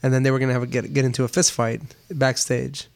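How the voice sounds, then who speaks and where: A man's voice: mid-range voice, level tone, quick pace, gravelly, no room sound. A man hosting a casual chat with friends, talking loosely and chuckling, a bit loose after a few beers. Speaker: podcast host running a song countdown.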